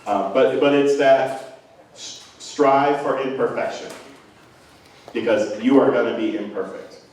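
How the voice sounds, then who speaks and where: Speaking from far away in an echoey hall, a middle-aged man addresses parents as their band director, rambling in an earnest and self-deprecating way. His voice sits at medium pitch, a little mellow, and he doesn't rush.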